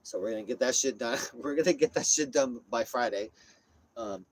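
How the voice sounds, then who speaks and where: A man's voice: medium pitch, moderate pace. A man livestreaming from his parked RV on a phone, rambling and repeating himself, swearing freely in casual chat. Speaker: streamer. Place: inside a parked RV.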